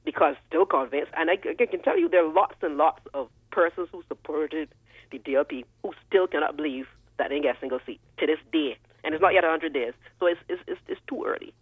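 A man with a Barbadian accent calling in to a radio talk show, animated and often repeating words. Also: fairly high pitch, brisk, slightly rough, no echo. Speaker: caller. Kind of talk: call-in radio commentary. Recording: dry tinny phone line.

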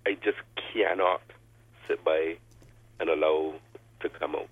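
A man calling in to a radio talk show, speaking slowly and deliberately. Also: rumbling low, fairly even intonation, no room sound. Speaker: caller. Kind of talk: call-in radio commentary. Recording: husky tinny phone line.

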